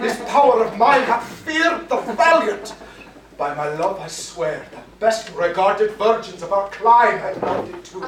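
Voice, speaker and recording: A woman's voice: mid-range voice, noisy background. A woman playing a boastful, gallant foreign prince suitor in a stage performance of a classic verse drama, with grand, declamatory speech. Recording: roomy hall from a far camera.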